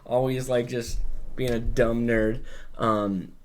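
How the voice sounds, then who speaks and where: A man's voice: mid-range voice, little pitch movement, takes it slowly. A man hosting a podcast, recapping in casual chat and rambling, with plenty of filler words and swearing. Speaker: podcast host.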